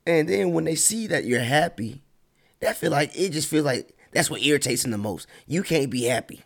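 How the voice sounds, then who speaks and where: A man giving a casual motivational talk, animated, stretching words for emphasis and mocking his critics. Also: on the high side, normal speed, creaky.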